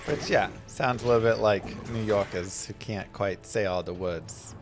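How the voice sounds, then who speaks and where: A man's voice: fairly low pitch, a little slow, over music. A man chatting casually on a live stream while playing a game, telling stories and reading chat between play. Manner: chatty, anecdotal, reads chat aloud.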